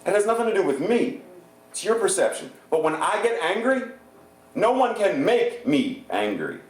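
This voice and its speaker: A man preaching a sermon as a guest minister, animated and playful, often laughing as he speaks. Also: sits high, normal speed. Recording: echoey church hall.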